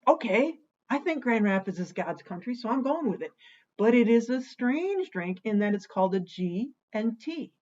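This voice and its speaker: A woman's voice: fairly high pitch, sing-song, moderate pace, darkish tone, muffled recording. A woman hosting a casual home cocktail vlog, talking in a playful, jokey way and bantering with herself by name. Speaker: host of a home cocktail show.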